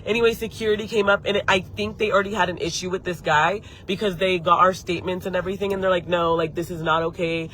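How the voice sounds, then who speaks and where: Quick and steady with few pauses, this woman's medium-pitched, slightly bright voice carries a live story time on her beauty channel. She tells it in an angry, profane way and stops to reply to viewers' chat comments, over a faint hiss or hum.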